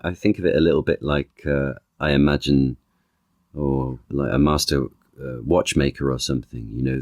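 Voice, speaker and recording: A man with a strikingly low, deep voice speaks as a podcast guest, thinking aloud, restarting phrases and reaching for analogies. The sound is close and dry, with no room around it. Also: darkish tone, no room sound. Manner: thoughtful, halting, with frequent restarts and analogies. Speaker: guest, actor and author. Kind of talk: conversational podcast interview.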